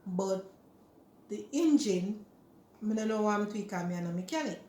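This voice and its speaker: A woman's voice: mid-range voice, normal speed. Jamaican woman telling a story in an echoey room. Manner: chatty, animated retelling in Jamaican Creole. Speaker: vlogger. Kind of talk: casual storytelling chat.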